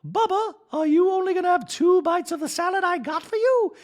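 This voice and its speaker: A man voicing a gushing, shrill woman reality star who talks in a sing-song, syrupy way. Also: a little fast. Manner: sing-song and syrupy, calls people darling.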